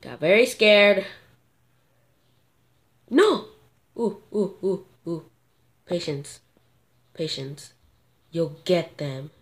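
A woman commentating her own gameplay, excitable and gasping at sudden moments, thinking aloud and talking to viewers. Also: on the low side, drawn-out words, pauses often. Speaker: gamer.

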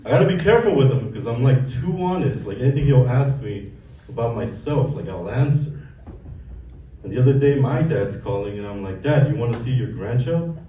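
A man's voice: mid-range voice, brisk, far from the mic, lo-fi sound. A man in his thirties from Mexico doing a casual, profane stand-up set in a comedy club. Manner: deadpan, casual, profane storytelling. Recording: echoey club recorded from afar. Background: audience laughter and room noise.

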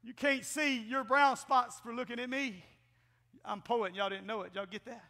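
A middle-aged man preaching a folksy, animated Pentecostal sermon as pastor in a church. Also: very high-pitched, moderate pace. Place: church sanctuary. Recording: long church-hall reverb.

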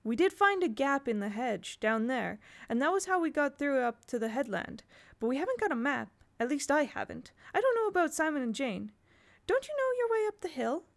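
Woman narrator playing a young boy, high and babbling. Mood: gabbling. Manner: fast nonsense chatter, high and excited. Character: young boy, panicked and gabbling.

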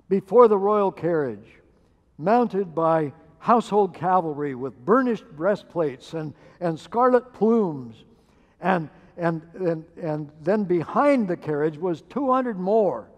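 Male pastor, high pitch, slow delivery, sermon in a reverberant church. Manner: measured storytelling with hesitant fillers. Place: church sanctuary.

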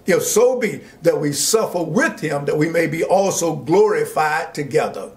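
A man pastor teaching a Bible study, slowly reading scripture aloud and preaching with rising emphasis and asides to his listeners. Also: on the high side, animated. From Georgia, US.

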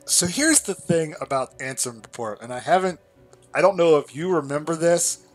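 A man's voice: on the high side, expressive, normal speed, soft background music. A man co-hosting a let's play, wryly explaining game lore and teasing his co-host. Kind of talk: casual gaming chat.

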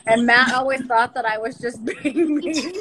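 A woman's voice: a little high, normal speed, noisy background. A woman co-hosting a casual live stream from her phone, telling stories with frequent laughter. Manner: chatty, laughs often while storytelling. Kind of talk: casual chat.

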